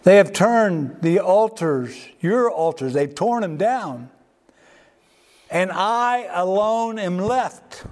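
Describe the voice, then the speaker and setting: A man's voice: lively intonation, slow pace, a little mellow. A man voicing a despairing male prophet who cries out to God in a strained, pleading voice well above his own. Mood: anguished. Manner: pleading, rising to a strained high cry.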